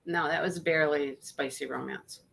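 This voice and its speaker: A woman's voice: low voice, steady tone, moderate pace, creaky, a crowd in the background. A woman hosting a live book discussion, chatty and greeting viewers by name. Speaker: book club host. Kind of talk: casual live-stream chat.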